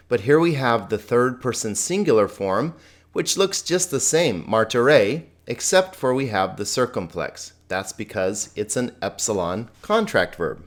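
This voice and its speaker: A man teaching a recorded Greek grammar lesson in a patient, chatty way, slowly spelling out Greek words and laughing at his own typing slips. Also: medium pitch. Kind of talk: recorded screen lecture.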